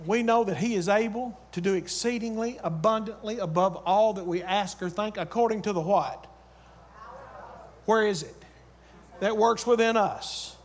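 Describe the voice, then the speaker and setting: A man with a very high voice preaches to a congregation, hammering home short repeated lines. He moves between loud urging and quiet, storytelling talk. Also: normal speed. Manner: exhorting with repeated phrases and calls to the congregation. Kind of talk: sermon.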